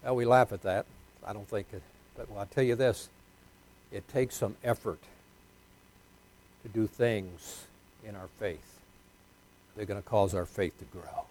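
A pastor preaching a folksy sermon, swinging between loud emphatic lines and hushed ones. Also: male voice, lowish voice.

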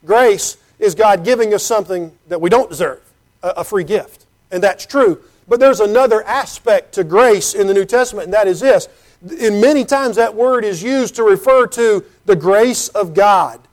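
High-voiced man preaching a sermon. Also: normal speed, darkish tone. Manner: earnest, conversational, with rhetorical questions; reads scripture in King James wording.

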